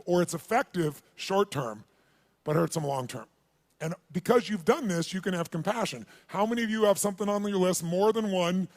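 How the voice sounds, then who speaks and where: A man with a high voice for a man gives a motivational seminar in a large event hall, telling stories in an animated way. He keeps turning to the crowd and asks them to shout answers and raise their hands. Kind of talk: live seminar storytelling to an audience.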